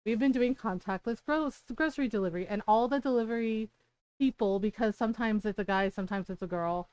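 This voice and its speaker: In a chatty livestream, this woman spins a story full of "like" and "right?" and curses freely whenever she's exasperated. She sounds high-ish, fairly quick, a little mellow and smooth, with no echo.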